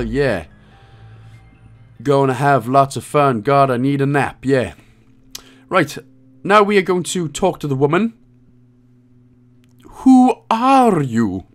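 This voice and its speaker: A man's voice: fairly high pitch, measured pace, soft background music. A man giving casual, jokey walkthrough commentary on a game, now and then reading out lines in put-on voices. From Wales. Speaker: game guide creator.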